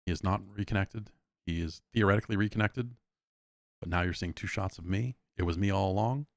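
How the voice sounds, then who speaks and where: Low-voiced man, hesitant casual chat. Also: brisk, dry recording, clean studio sound. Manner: rambling, hesitant, many restarts. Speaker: podcast host. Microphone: video call.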